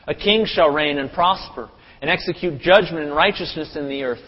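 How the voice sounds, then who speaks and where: A man preaching a sermon, animated, acting out crowd voices with sudden loud bursts. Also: fairly high pitch, normal speed, husky. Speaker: pastor. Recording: dull lo-fi audio with long hall reverb.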